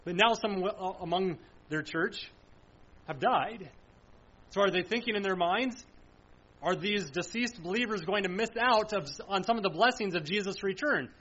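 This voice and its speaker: A man's voice: sits high, moderate pace, sharp tone, husky. A man preaching verse by verse, explaining scripture, asking questions and answering them himself, with firm emphasis. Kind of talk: verse-by-verse Bible teaching. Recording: dull lo-fi sound.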